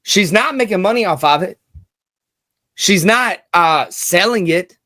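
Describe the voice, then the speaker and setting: A man's voice: high-pitched, expressive, a little slow, pushed and bright, no echo, clean studio sound. A man hosting a casual commentary vlog, hyped and slangy, repeating lines for emphasis. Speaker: channel host.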